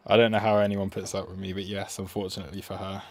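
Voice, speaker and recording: A man's voice: low voice, no room sound. A man hosting a live trading stream, chatting casually with frequent fillers and self-mocking asides.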